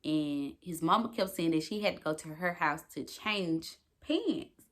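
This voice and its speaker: Woman in her twenties, slightly low voice, casual storytime vlogger, animated and profane, keeps talking straight to viewers. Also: a little slow.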